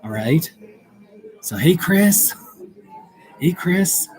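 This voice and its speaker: A man's voice: on the high side, expressive, very slow. A man hosting a casual livestream from a busy coffee shop, chatty and playful as he reads questions aloud. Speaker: livestream host. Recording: noisy coffee shop crowd. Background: loud crowd chatter.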